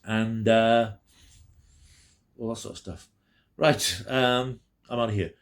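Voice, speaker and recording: Chatty man, lowish voice. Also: slow pace. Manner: chatty and rambling, enthusiastic. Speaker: YouTube reviewer. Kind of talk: casual spoken review.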